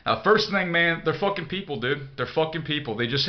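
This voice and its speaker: A man's voice: on the high side, lively intonation, fairly quick, few pauses, muffled recording. Blunt, profane man vlogging. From United States. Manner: blunt, profane, rambling with many fillers. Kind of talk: casual monologue answering a viewer email.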